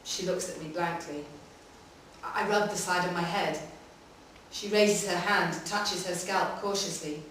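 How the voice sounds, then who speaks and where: A woman giving a live, measured reading of a short story in a public library room. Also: on the low side, fairly even intonation, fairly bright tone, slight background noise. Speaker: reader. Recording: echoey hall from far off.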